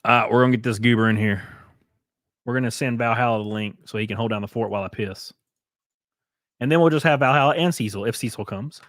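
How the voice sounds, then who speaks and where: A man's voice: medium pitch, quick pace, fairly bright tone, dry recording, studio quality. A man hosting a livestream, talking loosely to his chat with plenty of swearing while he sets up guests. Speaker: host.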